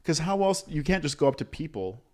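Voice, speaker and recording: A man trading crude banter on a relaxed podcast. He swears freely and keeps the talk animated and joking. He often slips into exaggerated voices to mock people. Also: on the high side, a little fast. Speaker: podcast co-host.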